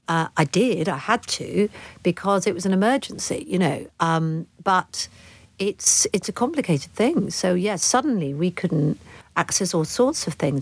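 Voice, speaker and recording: A middle-aged woman as an interview guest, speaking candidly in a halting, reflective way with frequent restarts. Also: fairly low pitch.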